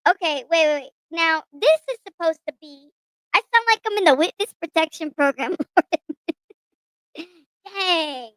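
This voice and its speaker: A woman livestream host speaking through a voice changer that makes her sound like a squeaky chipmunk or baby, laughing as she tests it on her chat. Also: lively intonation, takes it slowly, fairly bright tone, no echo, heavily acted, low-quality recording. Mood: playful. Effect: squeaky voice changer filter.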